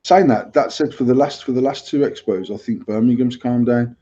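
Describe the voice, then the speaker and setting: This co-host's mid-range voice is brisk and warm as he chats loosely on a podcast, rambling, swearing and going over the same points again. It's recorded with dull lo-fi sound.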